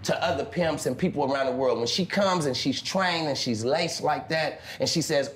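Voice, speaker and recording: A man's voice: medium pitch, moderate pace, few pauses, a bit bright, echoey room. A man being interviewed, telling stories with lots of swearing and acting out other people's voices. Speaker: interviewed pimp. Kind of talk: animated storytelling. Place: interview clip played on a stream.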